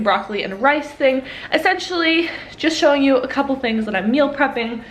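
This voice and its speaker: A chatty young woman talks in a slightly high voice, a little out of breath as she works in her home kitchen. Her talk is loose and casual, full of likes and ums, with a faint hum of room noise behind her. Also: brisk, hardly any pauses, fairly bright tone. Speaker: vlogger. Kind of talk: casual cooking vlog.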